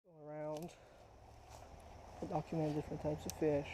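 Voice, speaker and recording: A man's voice: a little high, completely flat delivery, normal speed, background noise. A man chatting to his viewers while fishing outdoors beside a creek, talking casually as he goes. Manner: chatty, addresses viewers directly. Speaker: fishing vlogger. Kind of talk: casual outdoor vlog narration.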